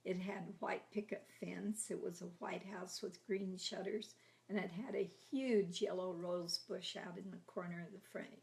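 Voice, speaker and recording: A woman in her eighties telling family stories from her childhood in a chatty, laughing way, often trailing into soft half-whispers. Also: lowish voice, fairly even intonation, moderate pace, vocal fry. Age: 80s. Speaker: grandmother telling her life story. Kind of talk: casual oral history reminiscing.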